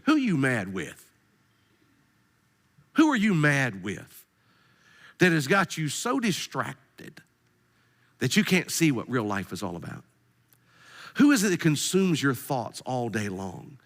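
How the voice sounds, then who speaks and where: Male pastor preaching, jokey and animated, voice going up and down a lot. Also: on the high side, normal speed. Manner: animated, humorous preaching with direct questions. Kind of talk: sermon.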